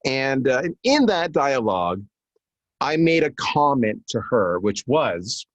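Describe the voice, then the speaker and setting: Guy on a webinar telling a story, super lively up and down voice, acts out the quotes, dry close sound. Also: mid-range voice, slow, dry recording, lo-fi sound. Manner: animated storyteller acting out quotes. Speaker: guest. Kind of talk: casual webinar conversation.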